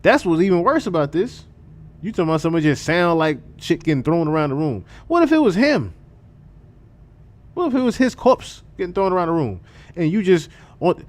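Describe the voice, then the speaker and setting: A man giving casual livestream commentary in an animated, profane way, often repeating himself. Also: a little high, moderate pace, pauses often.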